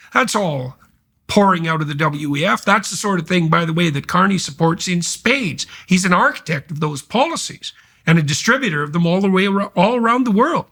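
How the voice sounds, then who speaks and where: Male podcast host, gravelly fry, fairly high voice, emphatic long-winded arguing. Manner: emphatic, forceful wording, building long run-on arguments. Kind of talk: conversational interview.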